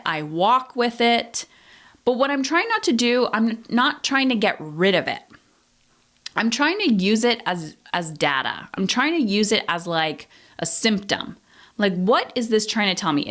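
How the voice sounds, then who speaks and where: A woman's voice: mid-range voice, fairly bright tone. A woman in her thirties hosting a solo podcast, talking through her feelings in a candid, introspective way and swearing casually. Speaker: podcast host. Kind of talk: reflective solo podcast talk.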